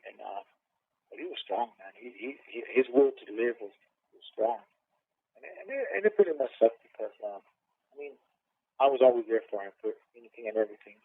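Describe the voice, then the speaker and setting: A man's voice: mid-range voice, no echo. A middle-aged man, a former boxer and cornerman, telling a personal story in a casual interview, swearing often and restarting his sentences with a lot of "man.". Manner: profane, emotional storytelling with many restarts and repeated "man". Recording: tinny phone-like dry sound.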